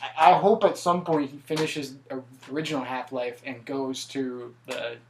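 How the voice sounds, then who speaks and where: Laid-back male podcast host, mid-pitched, laughs often, faint hiss behind. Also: fairly even intonation. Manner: laughs often, halting with fillers. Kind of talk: casual chat.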